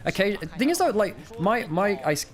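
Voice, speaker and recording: A man with a Nottingham accent casting a live esports match, chatty and animated, laughing and restarting his sentences. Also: high voice, a little fast, music in the background. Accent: East Midlands English (Nottingham). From English Midlands. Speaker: esports commentator. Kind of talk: casual live esports commentary.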